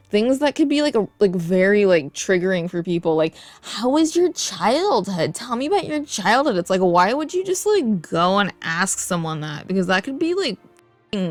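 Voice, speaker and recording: A woman's voice: fairly low pitch, no echo. Rambling, foul-mouthed woman vlogger. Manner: rambling, digressive, swears freely. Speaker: comedic vlogger. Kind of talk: casual comedic rant to camera.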